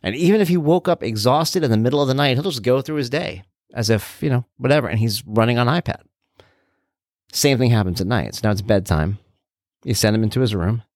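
A middle-aged man hosting a podcast, telling stories in an animated, conversational way. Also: medium pitch, a little fast, dry recording, studio quality. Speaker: podcast host. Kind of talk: casual solo podcast monologue.

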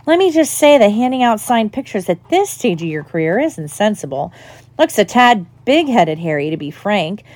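A woman's voice: medium pitch, sing-song, moderate pace, a little mellow, dry recording, lightly acted. A woman voicing a vain, pompous grown male teacher who talks jovially and patronizingly. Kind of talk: audiobook character voice.

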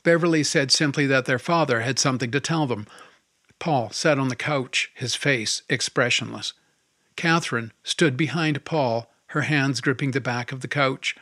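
Guy reading a novel aloud, steady, dry close mic. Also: mid-range voice, normal speed, no echo. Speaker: audiobook narrator. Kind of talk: scripted narration.

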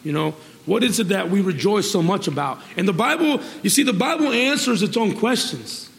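A male preacher with a high, lively voice and a gravelly edge delivers an exuberant sermon. He laughs and calls out praise between points, then reads scripture with slow care. The sound rings with long reverb, like a big hall. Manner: reads scripture slowly and deliberately.

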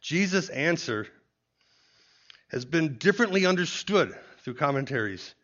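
A man's voice: on the high side, animated, unhurried, fairly bright tone. A man giving an expository Bible teaching who explains points step by step and often starts a point with "see". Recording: dull lo-fi recording.

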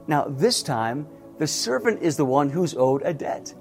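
A man's voice: on the high side, big pitch swings, unhurried, gravelly, darkish tone, faint music behind. A middle-aged man, a pastor, preaching a sermon with earnest, emphatic repetition.

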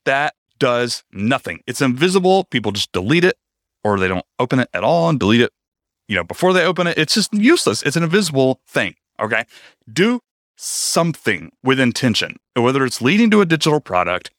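A man coaching the viewer on online business in an emphatic, energetic way, talking straight to them with casual, slangy asides. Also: medium pitch, brisk, dry recording, clean studio sound. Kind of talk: direct-to-camera teaching monologue.

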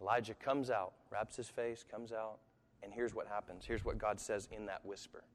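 A man's voice: fairly low pitch, fairly even intonation, normal speed. A man preaching a live sermon to an audience, talking conversationally with sudden emphatic rises and occasional chuckles. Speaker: pastor. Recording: long hall reverb.

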